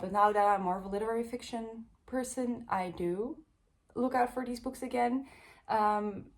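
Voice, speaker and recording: A young woman from the Netherlands, chatting casually through a book review with lots of fillers. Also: medium pitch. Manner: chatty, rambling, lots of ums and likes.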